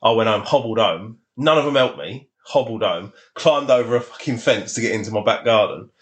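A man, a guest on a podcast, telling lively stories from his past. He swears freely and laughs as he talks. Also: on the low side, fairly quick. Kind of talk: casual storytelling.

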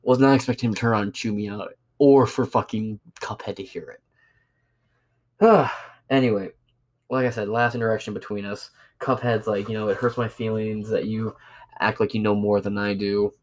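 Casual male host, profane, sarcastic, animated storyteller. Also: fairly low pitch, normal speed. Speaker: podcast host. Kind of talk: casual ranting monologue.

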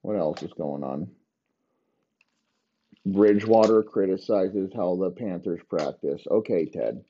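A man's voice: low-pitched, measured pace, pauses often, warm tone, muffled recording, slight background noise. A man hosting a podcast, ranting in a crude, mocking, rambling way. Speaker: podcast host. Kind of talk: crude comedic rant.

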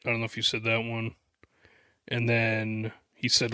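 A man's voice: mid-range voice, monotone, pushed and bright, smooth, no room sound, studio quality. A man co-hosting a podcast, teasing the others and pointing out what they missed. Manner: teasing, quick to correct others. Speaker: podcast co-host. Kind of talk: casual podcast chat.

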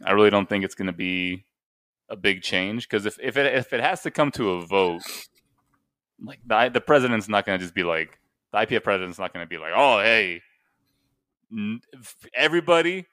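A man's voice: on the low side, fairly bright tone, clear, resonant tone, no echo, clean studio sound. A man co-hosting a podcast, talking casually with rambling, joking restarts. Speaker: podcast co-host. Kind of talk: casual chat.

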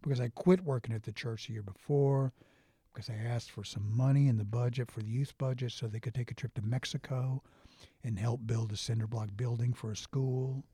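A middle-aged man in casual conversation, telling stories with lively restarts and acted-out quotes. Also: medium pitch, fairly quick, husky, no room sound, clean studio sound. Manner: animated storyteller, frequent restarts and acted quotes. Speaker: interview guest.

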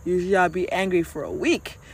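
A candid, conversational voice giving casual motivational advice to camera. The speaker talks to listeners directly and familiarly, with a middling pitch. Now and then a blunt swear word slips into the talk. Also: fairly even intonation, brisk, husky. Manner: candid, conversational, with occasional profanity.

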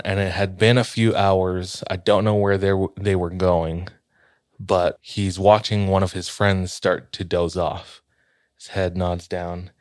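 Deep-voiced man telling a spooky story. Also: dry recording, clean studio sound. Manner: rambling with many fillers and restarts, drops to a low hush at tense moments. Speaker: storyteller in a podcast-style chat. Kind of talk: casual retelling of a ghost story.

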